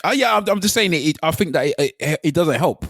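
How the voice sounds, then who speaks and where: A man co-hosting a podcast in casual chat, animated, repeating himself and laughing often. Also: on the high side, fast, no room sound, studio quality. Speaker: podcast co-host.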